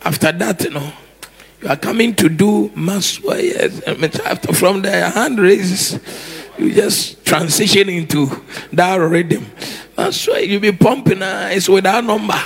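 A man preaches with a husky, gravelly voice set fairly high. He is animated, acting out little scenes with sudden shouts and bursts of laughter. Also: measured pace. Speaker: pastor. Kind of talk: sermon.

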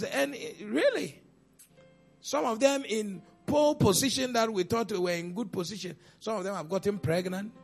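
A man preaching a sermon as pastor, with pointed rhetorical questions and sudden loud outbursts. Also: high-pitched, vocal fry.

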